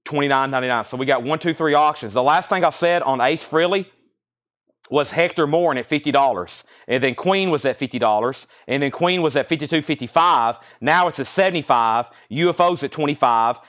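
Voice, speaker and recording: A man hosting a live record sale indoors, briskly listing titles and prices in a chatty auctioneer way, a little choked up. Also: a little high, a bit bright. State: slightly choked, coughing. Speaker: livestream record seller. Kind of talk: live sales stream.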